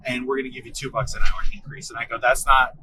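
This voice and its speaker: A man in his thirties telling a story in casual chat, animated and swearing freely, acting out what his bosses said. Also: mid-range voice, fast, background noise. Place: car.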